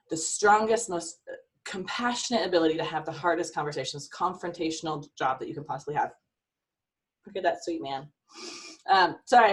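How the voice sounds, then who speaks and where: Woman, middle-aged, life coach, earnest and emotional, lowish voice, video call, sounds distant from the mic. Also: a little fast. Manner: earnest, emotional, faith-filled pep talk. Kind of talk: video call talk to a team.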